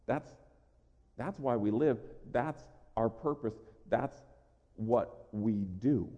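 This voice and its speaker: A man preaching a sermon, earnest and emphatic, slowing on key lines and repeating words as he starts. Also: mid-range voice, dark tone, muffled recording. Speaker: pastor. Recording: long reverb of a large hall.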